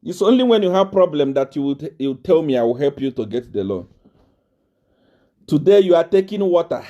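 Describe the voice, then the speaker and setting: A man's voice: a little high, big pitch swings, moderate pace, dark tone, lo-fi sound. A man doing live political commentary on a video stream, talking in repeated bursts and laughing between his points. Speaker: online commentator.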